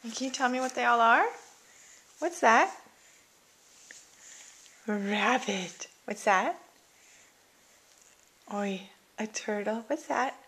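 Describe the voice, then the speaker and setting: A woman's voice: on the high side, lively intonation, takes it slowly, long pauses, a bit bright, slightly rough. A woman at home quizzing a small child, patiently naming animals and repeating her questions, recorded on a handheld camcorder. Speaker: parent teaching a toddler sign language.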